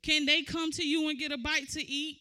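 A woman preaching. Her voice sits high and sounds piercingly bright. She moves from easy conversational teaching to loud, shouted exhortation. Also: little pitch movement, brisk. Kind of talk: sermon.

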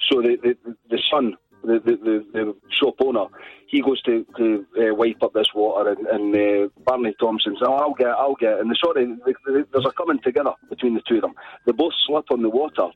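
A man's voice: mid-range voice, a little fast, husky, no room sound. A man with a Scottish accent calling in to a radio show, chatty and rambling as he tells a story. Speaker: caller. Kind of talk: phone-in call. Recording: tinny phone line.

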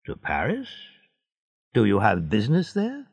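A man's voice: lowish voice, wildly swooping pitch, a little slow, slightly rough, heavily acted. A man reading a sly scheming seaman. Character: scheming jealous male seaman.

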